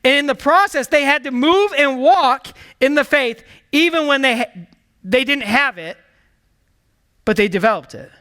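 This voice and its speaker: Guy preaching, high bright voice, super animated, gets loud then goes quiet. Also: moderate pace. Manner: energetic, emphatic preaching with call-and-response; swings from excited bursts to hushed low asides. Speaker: pastor. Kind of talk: sermon.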